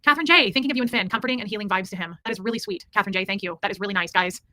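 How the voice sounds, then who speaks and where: Woman livestream host, breakneck rambling chatter, crisp and forceful, swears freely. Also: mid-range voice, rapid-fire, no room sound. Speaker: livestream host reading super chats. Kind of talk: casual livestream chat.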